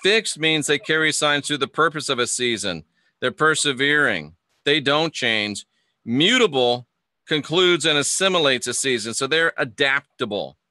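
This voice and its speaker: Chatty man with a very bright voice. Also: mid-range voice, animated, moderate pace, no room sound, studio quality. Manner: chatty, reads viewer comments aloud, stumbles and restarts. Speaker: livestream host teaching astrology. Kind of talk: casual livestream lesson reading chat.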